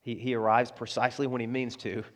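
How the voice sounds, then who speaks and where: A man preaches a sermon in an easy, conversational way, speaking straight to his congregation. He slips into voices for the quotes he tells, and his pitch sits in the middle range for a man. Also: little pitch movement, fast. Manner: conversational preaching, asides to the congregation, frequent restarts; acts out quoted voices in prayer and dialogue. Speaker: pastor.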